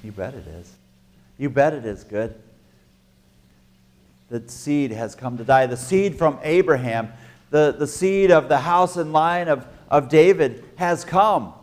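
A male pastor preaching at an unhurried pace, his voice sitting a little high. He swings between quiet asides and loud, emphatic declarations, often stopping to restart a phrase. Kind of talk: sermon.

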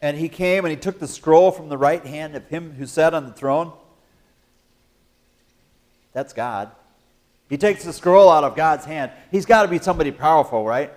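A man preaching a sermon in church as pastor, joking with the congregation and breaking into sudden loud exclamations. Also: on the high side, a little slow. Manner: animated, jokey preaching with sudden loud bursts.

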